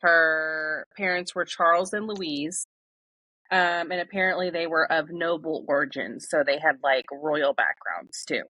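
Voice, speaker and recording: Woman podcast host, lowish bright voice, dry close mic, loose casual storyteller. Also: unhurried, no room sound. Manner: loose, informal storytelling with fillers.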